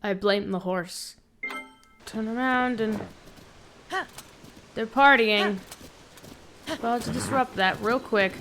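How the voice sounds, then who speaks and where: A young woman streaming a video game, swinging between loud excitement and low muttering as she talks. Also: slow, pauses often, music in the background. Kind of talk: casual gameplay commentary.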